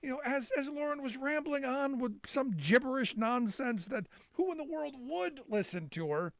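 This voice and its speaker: High-voiced sarcastic talk show host. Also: male voice, animated, moderate pace, gravelly, fairly bright tone, no echo. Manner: rambling, sarcastic, many restarts. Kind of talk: live call-in show monologue.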